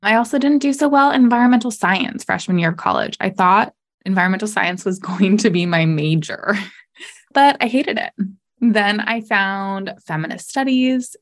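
Brief: young woman, solo podcast host, chatty and candid, laughs easily, mid-pitched voice. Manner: casual and candid, laughs often, says "like" and "you know".

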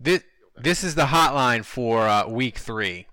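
Lively, animated male podcast host. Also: mid-range voice, slow pace, noisy background. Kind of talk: casual chat.

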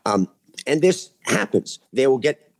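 A man's voice: mid-range voice, big pitch swings, unhurried, vocal fry, darkish tone. A man speaking as a podcast guest in casual chat, earnest and rambling, with frequent restarts, in a studio.

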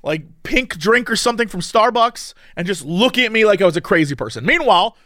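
A man's voice: high-pitched, animated, brisk, bright, forceful tone, dry recording, studio quality. A man telling a story in casual chat, laughing often and acting out the people in it.

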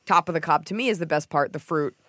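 A woman hosting a podcast, telling stories in a casual comedic chat, swearing and mimicking people in a shrill voice. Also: fast talker, dry recording, studio quality. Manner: animated storytelling, swears freely, mimics others in a shrill voice. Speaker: podcast host.

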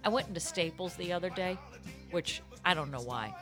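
A woman's voice: on the low side, a little fast, over music. A woman co-hosting a comedy podcast, telling rambling, giggly stories full of silly wordplay. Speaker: podcast co-host. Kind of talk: casual comedic chat.

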